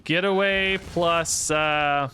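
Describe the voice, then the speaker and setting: A man's voice: a little high, steady tone, extremely slow, bright, forceful tone, clean tone. A young man hosting a gameplay video, talking through his moves in rambling, self-questioning casual commentary that swings into mock anger.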